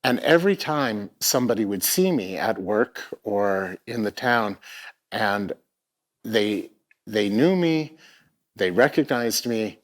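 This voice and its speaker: A middle-aged man with a fairly low voice shares a personal story from the stage at a live arts event. He speaks reflectively and haltingly, frequently repeating words as he hunts for the right ones.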